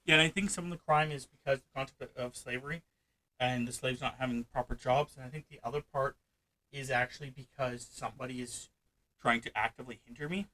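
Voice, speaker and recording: A man hosting a casual let's-play chat about a strategy game, hyper, loud and fast-talking. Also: medium pitch, steady tone, poor audio. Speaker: gaming channel host. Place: hot room at home.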